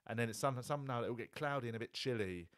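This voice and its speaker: A man's voice: medium pitch, very fast, fairly bright tone, dry recording, clean studio sound. A man hosting a podcast, talking casually and rambling with lots of fillers like "like" and "you know". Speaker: podcast host. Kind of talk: casual chat.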